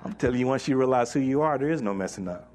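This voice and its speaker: Animated man preaching with lively pitch. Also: quick pace. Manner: animated, jokey, acts out voices of doubters. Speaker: pastor. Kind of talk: sermon.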